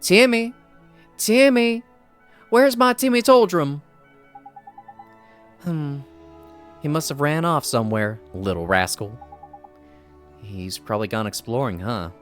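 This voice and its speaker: A man voicing a kindly older woman shopkeeper, soft and motherly, calling people dear. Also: lowish voice, a little slow, pauses often, faint music behind.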